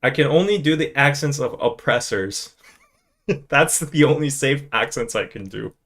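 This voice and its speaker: A man's voice: mid-range voice, moderate pace, fairly bright tone. A man hosting a casual live stream who talks in a playful, joking way. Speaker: podcast host.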